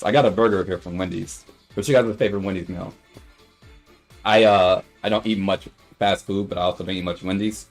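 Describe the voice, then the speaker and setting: A young man on a casual livestream, rambling through a story and acting out the quotes in high voices. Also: steady tone, a little fast, soft background music. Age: young adult.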